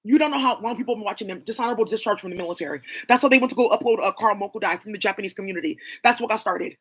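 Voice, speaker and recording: A woman's voice: mid-range voice, rapid-fire, breathy edge. A woman talking in a rambling, profane monologue, leaping from name to name and claim to claim. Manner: rambling, profane, jumping between names and claims.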